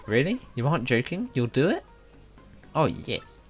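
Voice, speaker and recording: A man's voice: medium pitch, animated, moderate pace, soft background music, natural voice. A man voicing a small, frightened young male puni creature who talks in a jumpy, pleading way in a video game. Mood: overjoyed.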